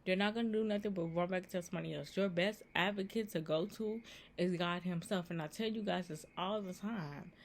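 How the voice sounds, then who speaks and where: A woman's voice: fairly low pitch, brisk. Woman on her vlog preaching about god, earnest, repeats herself a lot. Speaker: vlogger giving faith advice. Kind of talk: casual Christian encouragement vlog.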